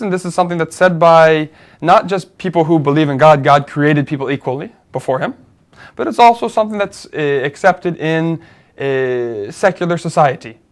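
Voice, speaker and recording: A fairly high-voiced male co-host leads a relaxed, conversational talk show discussion. He thoughtfully builds an argument step by step, pausing on fillers and restarting sentences as he thinks out loud.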